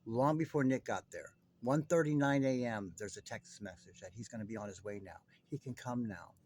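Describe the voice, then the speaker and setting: A man's voice: mid-range voice, a little fast, darkish tone, a little hiss or hum. A man delivering a heated true-crime monologue straight to his viewers, agitated, profane and rambling. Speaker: online commentator.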